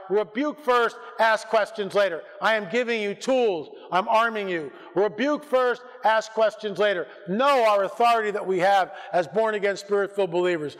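Urgent male preacher-lecturer, high-pitched, reverberant church hall. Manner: urgent, exhorting, builds to shouted rebukes. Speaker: conference speaker. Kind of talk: fiery conference lecture. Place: church auditorium.

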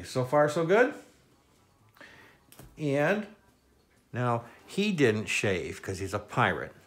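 A man leading a kids' step-by-step drawing lesson, playful and jokey, with silly sound effects. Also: mid-range voice. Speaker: children's drawing instructor.

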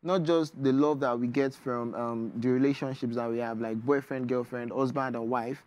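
A man's voice: medium pitch, steady tone, normal speed, darkish tone, muffled recording, a little hiss or hum. A man with a Nigerian English accent, a poet and author speaking as a guest in a TV studio interview. He talks in an earnest, reflective way, with many fillers. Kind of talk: studio interview, reading his poetry.

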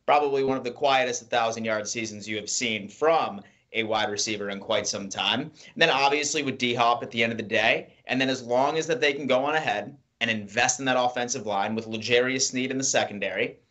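A man co-hosting a sports show, giving measured, emphatic football analysis. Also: mid-range voice, sharp tone. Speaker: sports podcast co-host.

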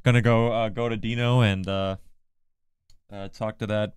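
Joking male streamer with a smooth, resonant voice and a dry, close sound. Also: lowish voice, flat delivery, moderate pace, no echo. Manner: joking, teasing banter. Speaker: livestreamer. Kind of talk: casual livestream chat.

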